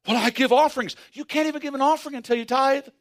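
A man preaching a sermon as pastor, swinging from hushed asides to excited shouts. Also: very high voice, fast.

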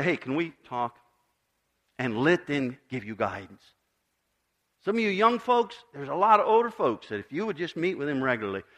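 High, lively preaching pastor. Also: male voice. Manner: preaching with rising, emphatic swells and sudden quiet drops. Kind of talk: sermon.

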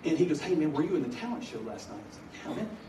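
A middle-aged man preaching a story with humor, animated, shifting from loud bursts to hushed earnest telling. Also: fairly high pitch, racing. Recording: echoey hall from far off, noisy.

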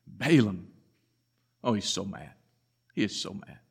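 A man preaching a sermon, telling the story dramatically and swinging from loud to hushed. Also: on the low side, lively intonation, measured pace, vocal fry, husky. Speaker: pastor.

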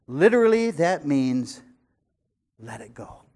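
An older man in his sixties preaching a sermon in a fairly high voice. He talks in a conversational, animated way, jumping from loud emphasis to quiet asides and slowing down to drive points home. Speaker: pastor.

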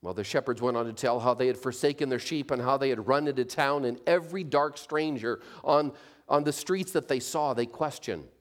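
A man narrating a story aloud, expressive and swinging from soft to emphatic. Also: mid-range voice, fairly quick.

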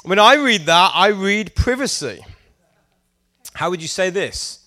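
A man's voice: high-pitched, normal speed, bright, forceful tone, dry recording, studio quality. A middle-aged man with a British accent preaching to a youth gathering, playfully teasing the audience and prompting them to call out answers. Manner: interactive, prompting the crowd to answer. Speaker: youth pastor.

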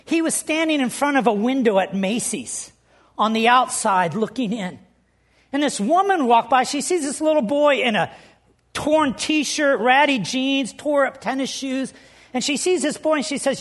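A woman preacher in a relaxed, conversational sermon voice, moving between teaching points and stories. She talks to her congregation directly and keeps asking them to respond. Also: high-pitched, normal speed. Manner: conversational, storytelling, asks the audience. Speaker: pastor.

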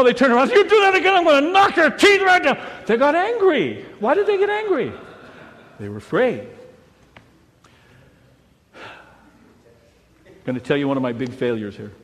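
A middle-aged man, a pastor, preaching a sermon in an animated way, dropping to a hush and then rising to a shout. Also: on the high side, long reverb tail. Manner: animated preaching, swinging between hushed and shouting.

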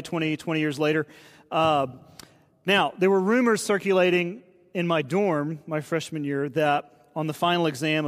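Male pastor, late 30s, chatty storytelling sermon, voice a touch high, hall reverb. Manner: conversational storytelling, asks the audience questions.

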